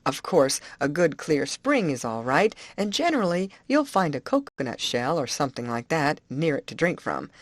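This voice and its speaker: A man's voice: a little high, sing-song, moderate pace, few pauses, no room sound. A woman reading a plainspoken male overseer who talks in a folksy, reassuring way and drops word endings. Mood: matter-of-fact.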